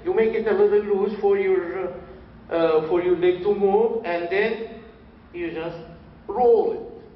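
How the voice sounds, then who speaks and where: A man with a fairly high voice, teaching a mosque class, patient and repetitive. He is recorded from some way off in a roomy hall. The sound is dull, with a faint hiss behind him. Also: far from the mic. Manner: repeats phrases, restarts, slow deliberate teaching. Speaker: religious teacher. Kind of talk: instructional Q&A talk.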